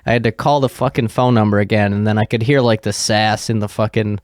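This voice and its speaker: A man's voice: lowish voice, steady tone, a little fast, no echo, clean studio sound. A man hosting a podcast, telling a rambling, sarcastic story full of swearing. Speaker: podcast host. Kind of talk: casual storytelling.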